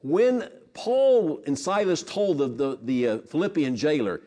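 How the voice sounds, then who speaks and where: Male Bible teacher, lively swooping delivery, slightly raised pitch, earnest and repetitive. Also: measured pace, few pauses. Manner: earnest, repeats words, asks the class questions. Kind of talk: Bible lesson.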